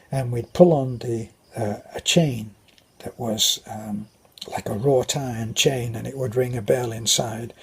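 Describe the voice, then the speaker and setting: A man's voice: mid-range voice, husky. An older British man telling rambling stories about his childhood. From Britain. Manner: rambling, anecdotal, with restarts. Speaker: vlogger. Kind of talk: casual storytelling.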